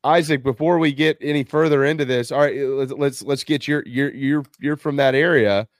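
A man's voice: medium pitch, fairly even intonation, brisk, no echo, studio quality. A man hosting a sports talk show, upbeat and ribbing his co-host and guest while steering the conversation. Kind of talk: casual sports chat.

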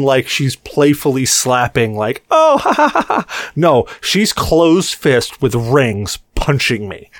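A man's voice: medium pitch, no room sound, clean studio sound. A young man co-hosting a podcast, telling a rowdy story casually with swearing and acted-out quotes. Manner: animated, swearing, acts out quotes. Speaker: podcast co-host.

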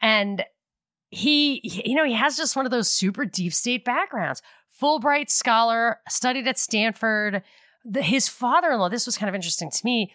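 A middle-aged woman with a bright, clear voice gives casual political commentary on her podcast. She rambles and thinks aloud, stopping often to correct herself. The recording sounds close and dry. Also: on the high side, expressive, normal speed, no room sound. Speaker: podcast host.

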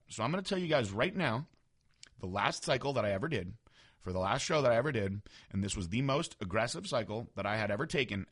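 A man's voice: on the low side, fairly bright tone. A man in his thirties, a former bodybuilder, telling a candid story in a casual monologue. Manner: candid, frank, conversational.

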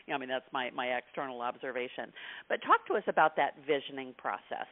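A man's voice: medium pitch, lively intonation, fast talker. A man hosting an interview, talking in a loose, chatty way full of "you know" asides. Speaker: interview host. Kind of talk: conversational interview. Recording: phone-like narrow line.

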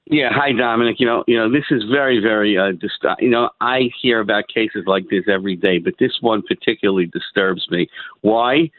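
A man calling in to a radio talk show, ranting in an agitated, halting way with lots of restarts. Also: fairly low pitch, dry recording. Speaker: caller. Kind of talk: call-in radio rant. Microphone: phone. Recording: tinny phone line.

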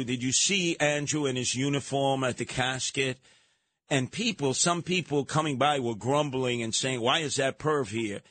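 A man hosting a talk radio show in a sarcastic, animated manner, slipping into mocking voices. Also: mid-range voice, dry recording.

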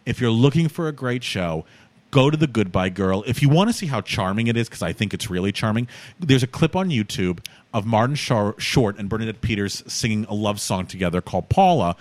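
A man's voice: on the low side, lively intonation, brisk, a little mellow, dry recording. A man co-hosting a podcast, gushing with enthusiasm about a favorite musical. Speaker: podcast co-host. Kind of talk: casual chat about musicals.

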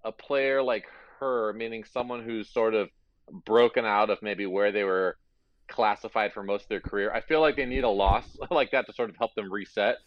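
A man co-hosting a tennis podcast, talking in a relaxed, hesitant way with many fillers. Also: fairly low pitch, moderate pace, no echo. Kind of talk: casual sports chat. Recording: dull dry sound.

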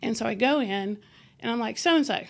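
Animated woman teacher telling stories. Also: fairly high pitch, fairly quick, creaky. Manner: animated, acts out quoted exchanges. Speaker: teacher, interview guest. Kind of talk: conversational storytelling.

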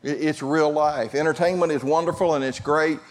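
A pastor preaching a sermon, talking conversationally and calling out to the congregation. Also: male voice, fairly high pitch, fairly even intonation, moderate pace. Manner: conversational preaching with audience call-outs.

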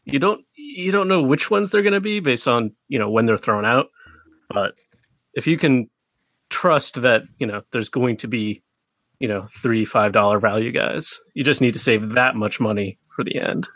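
A man's voice: medium pitch, normal speed, a bit bright, dry recording, muffled recording. A man joining the chat casually, explaining his approach in a laid-back way.

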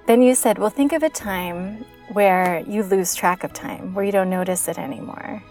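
A woman's voice: mid-range voice, normal speed, few pauses. A woman tells a story in casual conversation, voice in a mid range, laughing often and slipping into quoted voices. Faint music plays underneath. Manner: animated storyteller, laughs often, acts out her child's voice.

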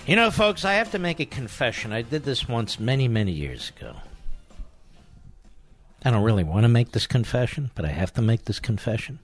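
A man's voice: mid-range voice, sing-song, fairly quick, faint music behind. A man hosting a talk radio show, taking callers and reading ads in an emphatic manner, repeating key phrases. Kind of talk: talk radio monologue and host-read ad.

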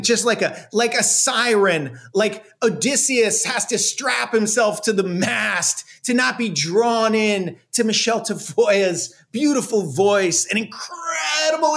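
A man's voice: high voice, fairly bright tone. A man co-hosting a casual sports chat, ranting with sarcasm, laughing and swearing. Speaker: podcast co-host.

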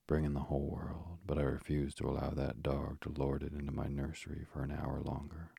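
A proud, sulky middle-aged father from a storybook, grumbling in a very deep, flat voice, as a man reads him aloud. The tone is gravelly and breathy, and the recording is close and dry. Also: brisk, dry recording, full character voice. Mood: petulant.

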